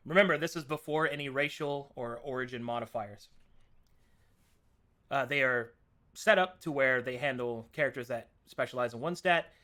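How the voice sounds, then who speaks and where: A man acting as game master, casually explaining character setup for a tabletop game. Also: medium pitch. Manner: relaxed, explaining rules.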